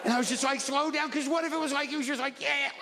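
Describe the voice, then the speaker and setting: A man in his sixties doing a stand-up routine, neurotic and self-deprecating, jumping into high mocking voices. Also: very fast, heavy background noise. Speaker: stand-up comedian. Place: large comedy venue with live audience. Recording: roomy stage recording with crowd laughter.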